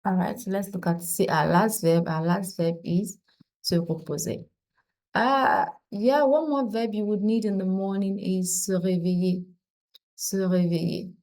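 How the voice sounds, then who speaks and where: A woman's voice: mid-range voice, unhurried, a little mellow, low-quality recording. Patient woman teaching French verbs. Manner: explains patiently, repeats conjugations, asks "okay?" often. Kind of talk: casual spoken lesson.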